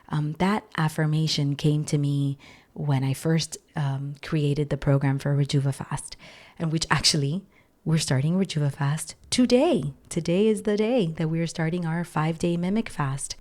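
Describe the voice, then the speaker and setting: A woman hosting a personal podcast, speaking earnestly and repeating key phrases, sometimes softening almost to a whisper. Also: low voice, a little slow. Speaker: podcast host. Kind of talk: personal reflective podcast talk.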